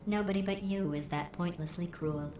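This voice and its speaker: A woman voicing a cold, sarcastic female AI overseer in a video game, speaking in a deadpan, mocking way through a processed robotic filter. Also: lowish voice, moderate pace, music in the background. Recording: echoey game audio, faint hiss.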